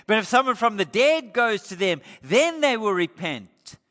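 A man's voice: high-pitched, very animated, normal speed, pushed and bright, pitched above the performer's own voice, full character voice. A preacher voicing a pleading rich man. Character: rich man in torment, pleading, adult male. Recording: echoey hall.

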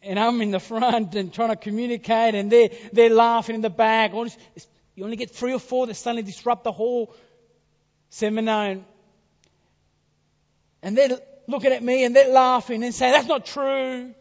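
A man with a high-pitched voice delivers a sermon, swelling to loud emphasis and then dropping to near-whispers. The sound is dull and muffled, carried by a long hall reverb. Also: steady tone, normal speed. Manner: dramatic swings from loud to hushed whispers. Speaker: preacher.

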